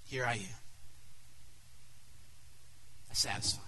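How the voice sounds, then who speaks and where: A middle-aged man preaching a sermon as pastor, earnest, dropping to a hush and then rising to loud, emphatic peaks. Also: mid-range voice, fast, poor audio.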